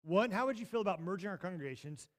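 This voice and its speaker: A man preaching a sermon as pastor, telling a story in a lively way that jumps from loud bursts to hushed asides. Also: high voice, quick pace. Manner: animated, swings from loud to hushed. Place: church sanctuary.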